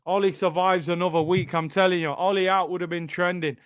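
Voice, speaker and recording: Man, young adult, football watchalong streamer, excitable, high voice, dry close sound. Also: fairly quick, smooth, no echo. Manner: excitable, shouts and repeats himself at big moments, banter with chat. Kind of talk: live match reaction.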